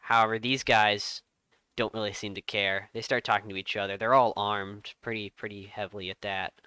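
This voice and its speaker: A man narrating a tabletop game as game master, telling the scene with dramatic pauses. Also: on the low side, clear, resonant tone, dry recording. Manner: lively storytelling with dramatic pauses.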